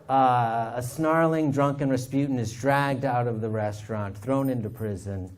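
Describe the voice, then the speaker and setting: A man, an author and historian, telling stories from his research in a lively anecdotal way. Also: mid-range voice, moderate pace, hardly any pauses. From United States. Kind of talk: storytelling talk.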